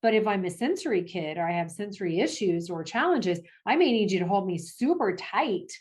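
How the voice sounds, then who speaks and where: An animated woman talking as a guest in an interview, her voice in a middling register. She keeps restarting her sentences and laughs often, jumping up in pitch when she acts out what people say. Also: brisk. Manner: animated, acts out family quotes with big pitch jumps. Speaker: guest, parent advocate. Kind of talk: conversational podcast interview.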